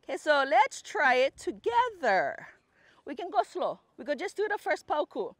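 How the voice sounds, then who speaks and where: A woman's voice: sits high, very animated, moderate pace, no echo. A woman teaching a group outdoors, explaining patiently and leading chanted verses. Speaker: cultural teacher.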